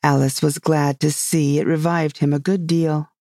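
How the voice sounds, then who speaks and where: A man reading a children's classic aloud in a steady, measured way. His voice is gravelly and mellow, and it is recorded close and dry. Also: a little high, dry recording. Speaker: audiobook narrator. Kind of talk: scripted narration.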